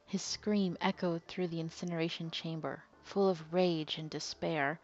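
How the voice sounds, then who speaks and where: A woman's voice: on the low side, fairly even intonation, normal speed, few pauses, a little mellow, muffled recording. A young woman hosting a let's play, reading game text and reacting with strong, outspoken emotion. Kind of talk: casual game commentary and reading.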